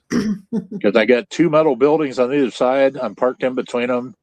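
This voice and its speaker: An older central Illinois man hosts a podcast from his home trailer over a Starlink video call, spinning rambling, folksy stories with plenty of restarts in casual chat. His medium-pitched voice is expressive and a little mellow, with a moderate pace and no room sound.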